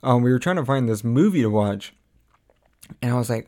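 A young man hosting a casual talk, his voice sitting at an ordinary middle pitch. He rambles with plenty of fillers and laughs between thoughts, jumping into playful quoted lines as he goes. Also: expressive, fairly quick, pauses often, dark tone. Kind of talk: casual chat.

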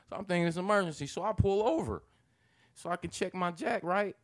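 Man, casual storytelling, animated, profane, high-pitched quoted reactions, dry close sound. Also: brisk, no room sound.

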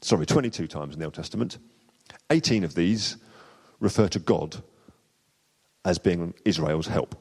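A male preacher giving a sermon in a chatty, unscripted manner. His voice sits very low. The long reverb of a church hall follows every phrase. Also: lively intonation, normal speed, gravelly, a little mellow, breathy edge. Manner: conversational, with frequent fillers and restarts.

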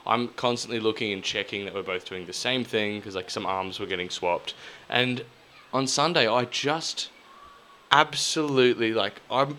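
A man's low-leaning voice comes through with a clean tone as he co-hosts a podcast. He chats casually, telling rambling stories peppered with swearing and animated impressions.

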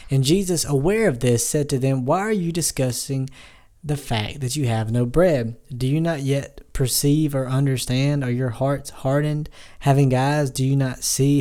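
A man reading a Bible passage aloud and then explaining it in a relaxed, conversational way, with frequent fillers and restarts. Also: medium pitch. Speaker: Bible teacher. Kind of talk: casual Bible devotional talk.

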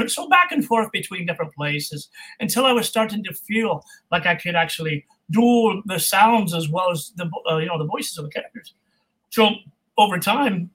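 Husky high-voiced man, jokey. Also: poor audio. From California. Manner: animated, jokey, slips into voices. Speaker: voice actor guest. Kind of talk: casual interview chat.

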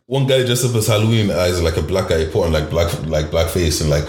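Young Irish man, very deep, rambling. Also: fairly quick, a little mellow, echoey room, slight background noise. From Ireland. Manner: rambling, slangy, many restarts and "like"s. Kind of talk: casual podcast chat.

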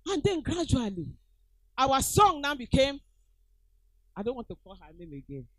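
A woman's voice: sits high, wildly swooping pitch, normal speed, a bit bright, dry recording, low-quality recording. A middle-aged woman with a Nigerian accent preaching a sermon, emphatic and repeating her phrases as she calls out to the congregation.

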